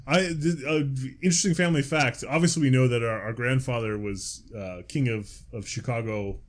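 A man's voice: medium pitch, a little fast. Man rambling dryly on a podcast. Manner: rambling, hesitant with many "uh" fillers, dry humor. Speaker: podcast co-host. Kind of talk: casual comedic podcast banter.

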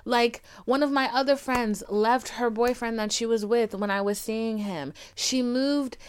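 A woman's voice: on the high side, measured pace, clear, resonant tone. A young woman hosting a podcast, telling a rambling, profane story about her dating life and acting out the voices of people in it. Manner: profane, dramatic, quotes others in animated put-on voices. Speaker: podcast host. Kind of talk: casual storytelling rant.

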